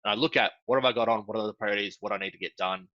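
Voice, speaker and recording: Bright-voiced man on a lo-fi call. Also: very fast, no room sound. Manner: animated, jumps up in pitch for emphasis, frequent ums. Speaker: guest consultant. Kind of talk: casual conversational interview.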